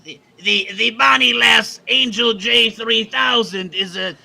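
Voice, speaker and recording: A man's voice: very high-pitched, unhurried, creaky, sharp tone. A man co-hosting a casual live-stream show, joking and often stumbling over repeated words. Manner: jokey, stammers and repeats words. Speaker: co-host.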